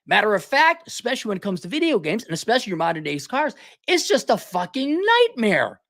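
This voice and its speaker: A man hosting a podcast, delivering a crude, sarcastic rant, mocking companies in put-on voices and often clearing his throat. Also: high-pitched, huge pitch swings, fairly quick, fairly bright tone. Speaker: podcast host. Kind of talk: ranting commentary monologue.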